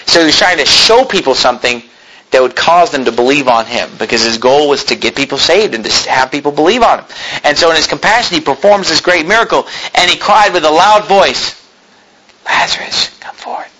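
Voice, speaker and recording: Man, preacher, sermon, animated delivery, slightly high voice, bright forceful tone. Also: brisk, poor audio. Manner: animated, acts out scenes with sudden shouts and laughs.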